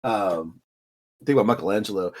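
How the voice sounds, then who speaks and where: A man's voice: fairly low pitch, brisk. A man co-hosting a casual podcast, rambling with lots of fillers and restarts. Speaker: podcast co-host. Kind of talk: casual chat.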